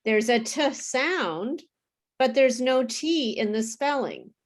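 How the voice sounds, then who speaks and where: A woman tutoring English pronunciation over a video call, explaining slowly and patiently. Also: sits high, animated. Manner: slow, careful teacher explaining with apologies and laughs. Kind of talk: online pronunciation lesson.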